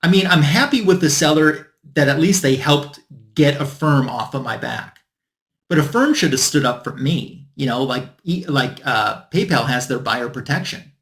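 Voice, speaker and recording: A man's voice: fairly high pitch, expressive, moderate pace, fairly bright tone. A man hosting his own comic book channel, telling a story in a casual, exasperated way and acting out what others said to him. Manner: exasperated, retelling a complaint with quoted dialogue.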